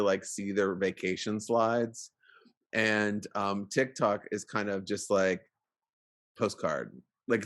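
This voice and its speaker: A man's voice: lowish voice, fairly bright tone. A man co-hosting a podcast in casual chat, rambling with lots of fillers and restarts. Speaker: podcast co-host.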